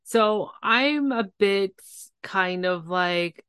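Lively woman recapping reality TV. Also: on the low side, unhurried, no room sound, studio quality. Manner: animated, acts out quotes in put-on voices. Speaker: podcast co-host. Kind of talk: casual reality-TV recap chat.

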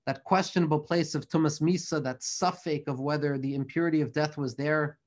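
A man's voice: fairly high pitch, steady tone, brisk. A man teaching an earnest, flowing religious lecture, mixing Hebrew and Yiddish terms into his English. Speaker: Torah teacher.

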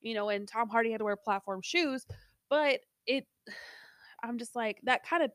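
A woman's voice: fairly high pitch, normal speed, a bit bright, no room sound, clean studio sound. A woman co-hosting a podcast, talking in a chatty, rambling way with lots of fillers. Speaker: podcast co-host. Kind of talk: casual chat.

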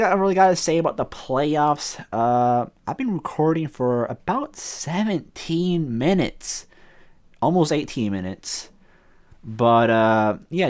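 Guy rambling solo on his sports podcast, lots of i mean and uh, swears a bunch, mid pitch. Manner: rambling, halting, with many fillers and restarts; casual and profane. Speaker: podcast host.

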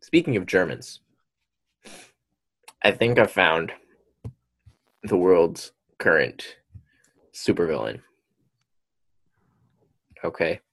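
A young man casually reading odd news stories aloud to a friend, playful, with dramatic pauses and goofy wordplay. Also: low voice, big pitch swings, a bit bright.

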